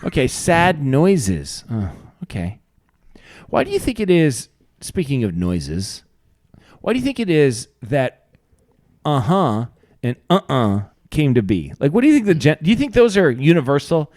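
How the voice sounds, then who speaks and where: Lively questioning man co-hosting a podcast. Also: on the high side, a little slow. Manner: steers the talk with questions, muses aloud. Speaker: podcast co-host. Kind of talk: casual podcast chat.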